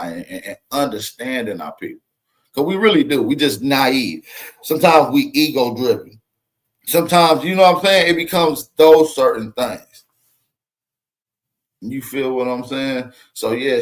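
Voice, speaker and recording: A man hosting his channel in casual livestream talk, loose and rambling with slang. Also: medium pitch. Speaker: channel host.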